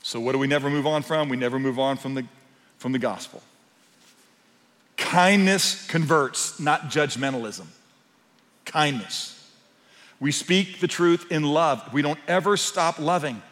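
A man preaching a sermon as pastor, swinging between quiet, intimate passages and loud, emphatic ones. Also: on the high side, animated, unhurried, big-room sound.

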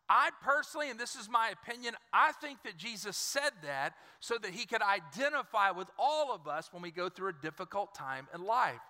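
A man's voice: very high voice, expressive, brisk, few pauses, pushed and bright, long reverb tail. A male pastor preaching a sermon, telling stories in a conversational, joking way with many repeated words. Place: church.

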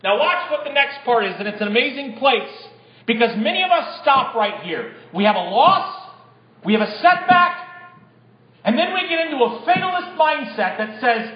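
A man's voice: very high voice, animated, moderate pace. A male pastor preaching a sermon to his congregation, putting rhetorical questions to them. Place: church. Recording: echoey, dull lo-fi church recording.

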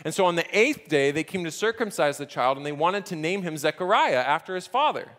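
Guy preaching from a church stage, chatty and animated, kinda high voice, lots of hall echo. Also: a little fast. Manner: conversational and animated, acting out the scripture scenes. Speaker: pastor. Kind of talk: sermon. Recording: echoey hall reverb.

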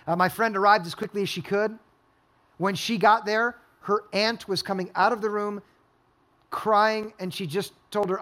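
High-voiced male pastor preaching. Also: moderate pace, fairly bright tone. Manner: storytelling, asks repeated rhetorical questions. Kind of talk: sermon. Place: church hall.

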